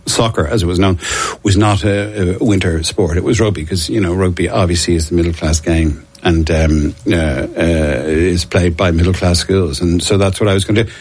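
Low-voiced Dublin man spinning yarns. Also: darkish tone. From Ireland. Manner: rambling, self-deprecating, frequent restarts and laughs. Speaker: actor, interview guest. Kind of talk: casual storytelling interview.

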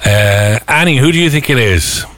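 A man's voice: mid-range voice, animated, normal speed, fairly bright tone, slight background noise. A man with an Irish accent hosting a morning radio show, teasing his co-host and reading sponsor messages. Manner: playful, teasing. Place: radio studio.

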